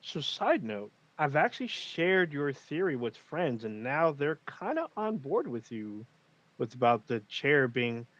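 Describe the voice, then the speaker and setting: A man's voice: medium pitch, unhurried, no echo, muffled recording. A man casually recapping an episode on a livestream, rambling and swearing as he retells it. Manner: rambling, profane, animated retelling. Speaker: podcast co-host.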